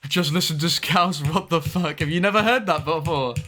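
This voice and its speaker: This is a young man on stream, reading chat and talking loosely with his audience while he plays, with the odd curse aimed at the game. He speaks a little high and brisk, in a bright, pushed tone.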